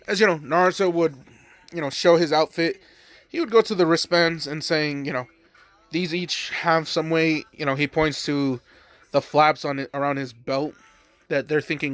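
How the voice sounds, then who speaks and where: A man casually retelling a fan story with slang and swearing, tossing in quick lines for the characters. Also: on the high side, pushed and bright, no echo.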